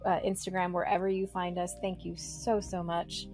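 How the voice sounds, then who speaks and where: A woman's voice: lowish voice, level tone, moderate pace, a little mellow, faint music behind. A woman co-hosting a podcast, upbeat and casual as she reels off plugs and thanks. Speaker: podcast co-host. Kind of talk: casual chat.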